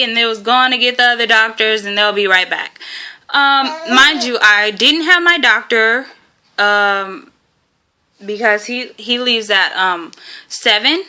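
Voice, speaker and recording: A woman's voice: on the high side, pushed and bright. A young woman vlogger telling a rambling story in a casual, chatty way, with lots of fillers and frequent laughter.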